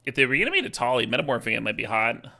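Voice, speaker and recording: Guy streaming cards, gravelly, super bright tone, swears and laughs a lot. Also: mid-range voice, very animated, rapid-fire. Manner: swears casually, laughs often, thinks aloud. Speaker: streamer playing a card game. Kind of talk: casual live-stream commentary.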